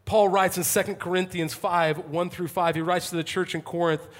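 A male pastor delivering an impassioned sermon to a congregation, swinging from fervent calls to hushed intensity. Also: sits high, fairly even intonation, moderate pace. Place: church, before a congregation.

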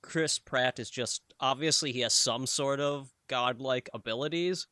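An eager, foul-mouthed man co-hosts a laid-back podcast chat. His voice is bright and forceful. It is recorded close and dry. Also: medium pitch, measured pace, no echo. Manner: enthusiastic, swears freely. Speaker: podcast co-host. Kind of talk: casual chat.

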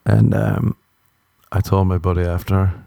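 A man's voice: steady tone, unhurried, vocal fry, mellow, dry recording, studio quality. A young Irish man telling self-deprecating comic stories in a casual monologue. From Ireland. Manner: self-deprecating, jumps into silly high voices for quotes.

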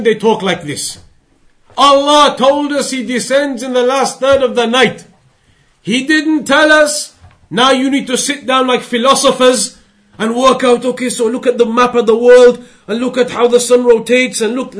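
A man with a strikingly high voice teaches a creed lesson. He drives his points home with emphatic repetition and a stream of rhetorical questions. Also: fairly bright tone.

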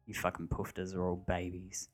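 A man reading a storybook figure: a ruthless adult male thug who talks flatly, with no emotion. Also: low-pitched, normal speed, faint music behind, natural voice. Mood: cold. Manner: flat, emotionless, matter-of-fact.

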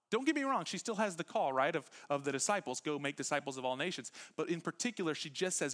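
A man preaching a sermon as pastor to a church congregation, talking casually, dropping to a hush on some lines and bursting out on others. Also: on the high side, quick pace, hardly any pauses. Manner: conversational preaching that moves between quiet, intimate lines and animated bursts. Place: church sanctuary with live congregation.

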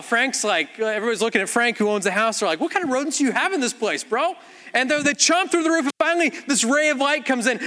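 Man, pastor in church; high bright voice, animated sermon storytelling, long hall reverb.

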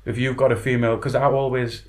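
A man chatting on a podcast, laughing through his anecdotes. His voice sits at an ordinary middle pitch, and his talk is animated and loose. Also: fast. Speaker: podcast co-host. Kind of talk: casual chat.

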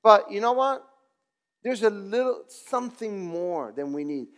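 Slow high-voiced male preacher. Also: expressive, clean tone. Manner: builds from slow prayerful reading to rising exhortation. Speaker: pastor. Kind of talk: sermon.

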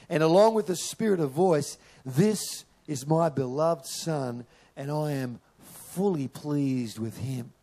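A man preaching a sermon in a church, animated, repeating words and drawing in the audience. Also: on the high side. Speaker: pastor.

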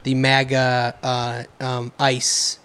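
A man co-hosting a podcast in casual chat, easygoing and halting, often restarting his sentences. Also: medium pitch, monotone, a bit bright, clean tone. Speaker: podcast co-host.

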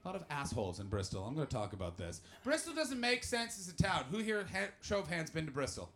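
A man from Canada who hosts a podcast, performing a live stand-up comedy set with rambling, animated storytelling and asides to the crowd. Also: on the high side, quick pace.

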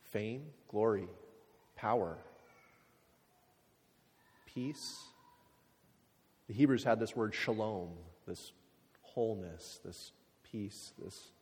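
A man preaching a sermon, talking casually with lots of fillers and sometimes dropping to quiet, reflective passages. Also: lowish voice, slow pace, pauses often, breathy edge. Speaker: pastor. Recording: hall reverb.

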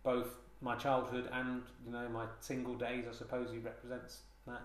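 A man's voice: mid-range voice, monotone, moderate pace. A man hosting a comedy podcast, rambling through a mock-solemn monologue with many hesitations and restarts, recorded on a handheld recorder. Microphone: handheld digital recorder. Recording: roomy, echoey room sound.

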